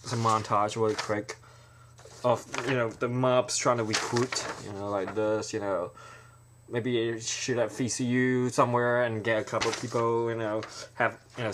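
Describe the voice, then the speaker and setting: Low-voiced man rambling through a pitch. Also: noisy background. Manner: rambling, full of fillers and restarts. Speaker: amateur filmmaker pitching a trailer.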